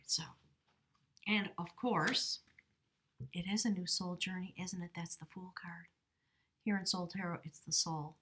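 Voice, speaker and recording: A woman giving a channeled tarot reading to the camera, speaking slowly and earnestly, often dropping into a whisper. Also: lowish voice, slightly rough. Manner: soft, slow, drifting into whispers; earnest, spiritual. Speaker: tarot reader.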